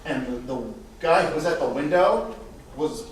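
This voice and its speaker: A man on a convention panel telling a rambling story in a relaxed way. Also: fairly high pitch, moderate pace, slight background noise. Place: convention hall room. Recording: very echoey hall, voice from far off.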